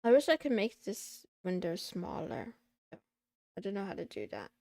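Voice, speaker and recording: Slow, gravelly-voiced woman streamer. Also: medium pitch, huge pitch swings, a little mellow, no room sound, studio quality. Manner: mutters to herself, playful meows and silly sounds. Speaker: VTuber streamer. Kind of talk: casual livestream chatter while studying.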